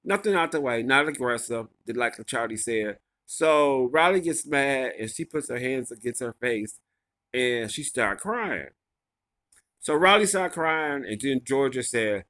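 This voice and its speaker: A man with a bright, sharp voice and a middling pitch recaps a reality show episode in casual chat. He rambles and gossips, piling on fillers and restarts. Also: animated, measured pace.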